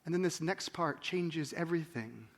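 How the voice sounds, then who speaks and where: A man in his forties delivers a sermon in a church, his voice sitting high for a man. He talks to the congregation like a conversation, firing off rhetorical questions. He swings from hushed and slow to loud and fired up. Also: expressive. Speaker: pastor.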